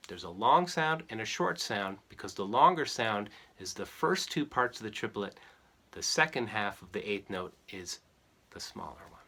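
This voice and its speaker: A man teaching a ukulele lesson in a relaxed, explanatory way, sometimes chanting rhythm syllables. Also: on the low side, moderate pace, slightly rough. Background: ukulele strumming.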